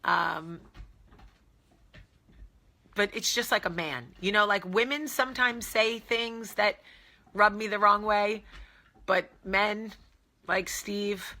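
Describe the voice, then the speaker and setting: A woman's voice: mid-range voice, slow pace, long pauses, pushed and bright. A woman with a New Jersey accent hosting a casual live chat, candid and jokey with blunt, salty asides. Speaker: host.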